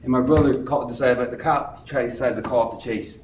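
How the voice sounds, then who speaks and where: A young man from Chicago telling a personal story on stage, animated and acting out the voices of the people in it. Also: medium pitch, quick pace, background noise. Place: live stage before an audience. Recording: echoey room, far from the mic, audience.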